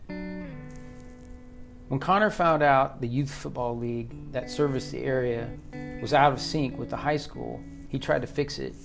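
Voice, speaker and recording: Male audiobook narrator, steady and measured, mid-range voice, faint guitar underneath. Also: mid-range voice, vocal fry.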